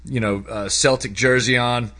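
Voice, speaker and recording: A man talking casually about a book he read, rambling with lots of fillers, his voice jumping up when he gets excited. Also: mid-range voice, moderate pace. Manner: animated, voice jumps up when excited. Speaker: book reviewer. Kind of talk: casual spoken book review.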